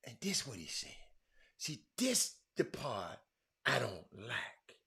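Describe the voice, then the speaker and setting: A man hosting a sports talk show, speaking emphatically, swinging between loud outbursts and low asides. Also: very animated, slow, gravelly. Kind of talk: animated sports talk commentary.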